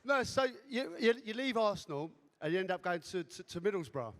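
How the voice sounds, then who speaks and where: A man hosts a stage Q&A, asking questions in halting bursts with restarts. His voice is high. It carries a long reverb from a large hall. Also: very animated. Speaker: host. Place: hotel ballroom stage. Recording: hall reverb at a live event.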